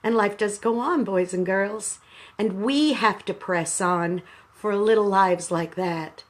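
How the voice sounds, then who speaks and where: A grieving radio station manager in her sixties speaks live to her viewers, addressing them as "boys and girls." Her talk is reflective and halting, delivered at a medium pitch.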